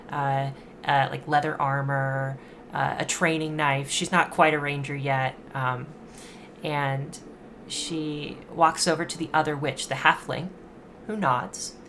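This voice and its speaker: A woman game master narrates a tabletop game in a low voice at an unhurried pace. She often pauses and fills gaps with searching "ums" as she paints the scene. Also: steady tone, fairly bright tone, slight background noise. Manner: halting, searching for words with many fillers.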